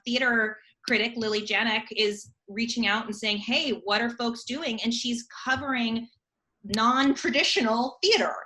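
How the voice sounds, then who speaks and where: A woman's voice: a little high, sharp tone. A woman in her thirties from a children's theater company, chatting animatedly in an interview and laughing often. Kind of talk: casual remote interview chat.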